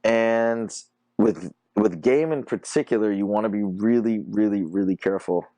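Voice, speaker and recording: A man's voice: lowish voice, normal speed, warm tone, no room sound. A young man hosting a dating-advice podcast in a casual monologue, laid-back and laughing often as he tells stories. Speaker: dating coach podcast host.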